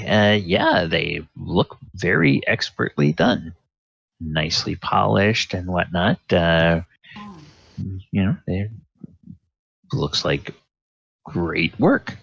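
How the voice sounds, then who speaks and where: A man narrating as game master of a tabletop game, unhurried and full of fillers. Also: low voice, vocal fry, a bit bright, no echo, dull audio.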